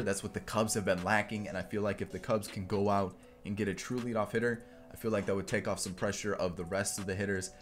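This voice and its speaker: A young man giving casual commentary on a video game, relaxed and chatty, with many fillers. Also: fairly low pitch. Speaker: gaming YouTuber.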